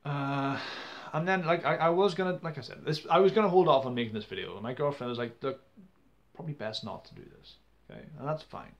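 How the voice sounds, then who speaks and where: A man's voice: a little high, animated, fast talker, lo-fi sound. A young man, ranting to camera in a casual vlog, exasperated, with many stumbling restarts. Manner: exasperated, stumbling restarts, acts out quoted people loudly. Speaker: vlogger.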